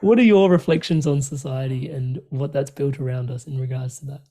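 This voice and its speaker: A man talks through personal experience in an open, earnest way. His voice is dark and mellow, and he often restarts his sentences and fills pauses with "you know" and "like." It sounds like a relaxed conversation between friends. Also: medium pitch. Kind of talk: reflective conversational chat.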